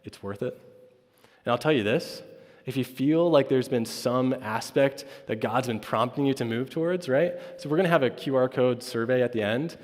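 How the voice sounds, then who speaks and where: A man's voice: medium pitch, moderate pace, a little mellow. A man, a campus pastor, telling a personal story at chapel in a casual way, often asking "right?" and acting out what others said. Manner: storytelling with frequent "right?" asides; acts out quoted dialogue. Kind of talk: informal chapel talk. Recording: long hall reverb.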